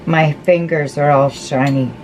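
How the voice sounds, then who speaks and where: A woman with a low voice talks slowly and folksily as she works on a craft project. She chats to her viewers and to herself between tasks. Faint room noise sits under her voice. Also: fairly even intonation, darkish tone, poor audio. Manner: chatty, folksy, talks to herself while painting. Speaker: crafting vlogger. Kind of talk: casual craft tutorial chat.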